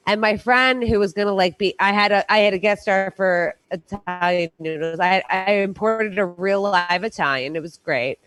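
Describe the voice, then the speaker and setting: A woman's voice: medium pitch, normal speed, few pauses, fairly bright tone, no room sound, low-quality recording. A woman hosting a late-night quiz show, telling long rambling stories in casual chat with playful put-on voices. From New York.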